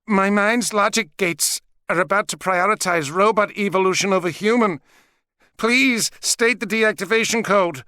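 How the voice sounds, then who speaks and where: A male audiobook reader voicing a calm, philosophical female robot that speaks slowly and deliberately. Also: high-pitched, clean tone, no room sound, clean studio sound, voice pushed up. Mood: urgent, mechanical. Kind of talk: audiobook character voice.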